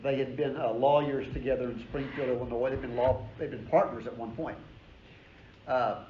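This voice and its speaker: A male history professor lectures his class at a moderate pace, his medium-pitched voice fairly even in intonation. He tells the story with energy and emphasis, tossing in casual asides. The recording is roomy and dull, with faint noise.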